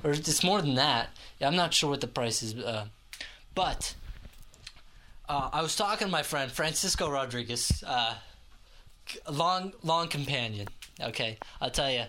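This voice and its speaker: A man's voice: fairly high pitch, lively intonation, unhurried, bright, forceful tone, a little hiss or hum. A young man rambling through a crude monologue to the camera, laughing at his own jokes and stumbling over his words. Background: guitar music.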